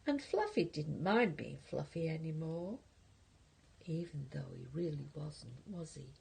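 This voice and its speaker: A woman's voice: sits low, lively intonation, measured pace, creaky, darkish tone, a little hiss or hum. An older woman reading a picture book aloud to her grandchildren, playful, with whispered asides.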